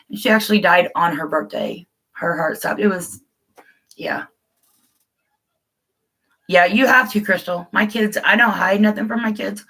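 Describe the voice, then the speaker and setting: Bright-voiced woman chatting live with viewers. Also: medium pitch, poor audio. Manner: open, rambling, addresses viewers as guys. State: tearful at times. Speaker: livestream host. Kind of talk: casual live chat with viewers.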